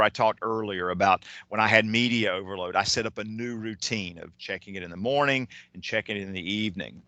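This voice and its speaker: Eager, bright-voiced male keynote speaker. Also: fairly low pitch, dry recording. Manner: enthusiastic, digressive, with frequent restarts. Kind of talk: motivational talk on time management.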